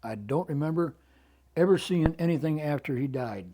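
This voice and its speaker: A man, a grandson, recalling family memories in a halting casual conversation and searching for words. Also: fairly high pitch, lively intonation, dark tone. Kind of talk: casual chat.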